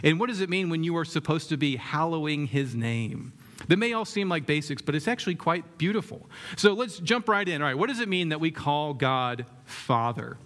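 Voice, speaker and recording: Conversational male preacher, slightly high voice. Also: expressive, normal speed, fairly bright tone. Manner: conversational, asks the room questions, many fillers. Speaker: pastor. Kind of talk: sermon.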